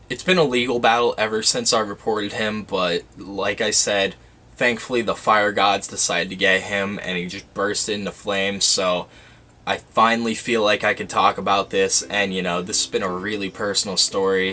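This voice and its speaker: A man's voice: lowish voice, steady tone, moderate pace, sharp tone. A young man telling a story for his vlog in a casual, dramatic way, full of "like" and "you know". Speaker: YouTuber.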